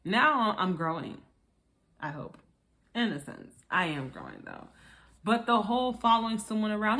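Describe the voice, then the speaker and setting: A woman giving casual commentary on a reality show, chatty and animated, acting out quotes in high voices and often laughing. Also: moderate pace. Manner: frequent laughter. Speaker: reality TV reviewer.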